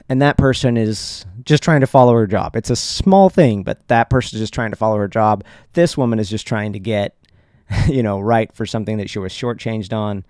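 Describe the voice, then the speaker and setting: Podcast guy telling a story, lowish mellow voice, chuckles a lot, super dry close sound. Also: moderate pace, clean tone, no echo. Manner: conversational, chuckles often, frequent restarts. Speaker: podcast host. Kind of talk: casual first-person storytelling.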